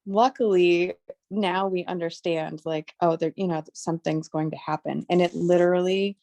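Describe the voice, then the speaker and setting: A woman's voice: lowish voice, fairly even intonation, normal speed, dark tone, no room sound. A woman calling in to share a personal experience, rambling with many likes and restarts. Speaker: caller sharing an experience. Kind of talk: casual chat.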